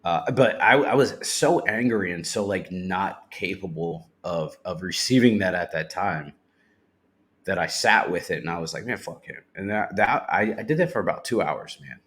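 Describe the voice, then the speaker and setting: Low-voiced guy on a podcast telling his recovery story, blunt, swears a lot. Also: lively intonation, normal speed, fairly bright tone. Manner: candid, swears freely, retells talk in quotes. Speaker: podcast guest. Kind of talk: personal recovery testimony.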